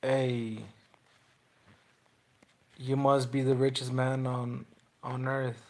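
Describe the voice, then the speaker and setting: A man's voice: medium pitch, monotone, slow, a little mellow. A young man, a boxer, taunting his livestream chat in slangy, repetitive trash talk.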